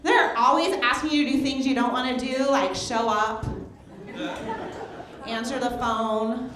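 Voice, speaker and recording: A woman's voice: high voice, steady tone, measured pace. A woman stand-up comedian on a club stage, delivering sarcastic, punchy jokes into a handheld mic. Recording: echoey club with crowd laughter. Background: audience laughter.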